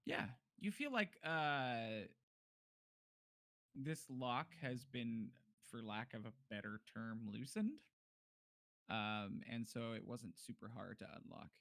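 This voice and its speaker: A man's voice: mid-range voice, animated, takes it slowly, vocal fry, a bit bright, no echo. A man running a tabletop game as game master, narrating in a laid-back way with many fillers.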